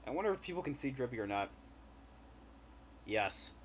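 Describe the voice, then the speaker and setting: A man's voice: mid-range voice, sing-song, moderate pace, noisy background. A man chatting casually on a gaming livestream, blunt and full of fillers and swearing. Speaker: co-streamer.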